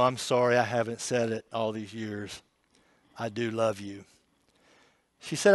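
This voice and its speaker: A man with a mid-range voice preaches a sermon built around an emotional story. He moves between hushed passages and loud, pleading ones. There is no room sound.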